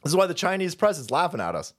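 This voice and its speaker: A man ranting on his livestream, his pitch swinging widely as he rambles. He swears freely and breaks into laughter between jabs. The voice sits a touch high for a man. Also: very animated, racing, a bit bright. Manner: profane, rambling, laughs often. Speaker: livestream host. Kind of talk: political livestream rant.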